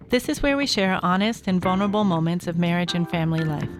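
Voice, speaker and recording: A woman's voice: fairly low pitch, animated, quick pace, faint music behind. A woman in her forties hosting a conversational radio talk show, friendly and easygoing, with frequent ums. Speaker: host.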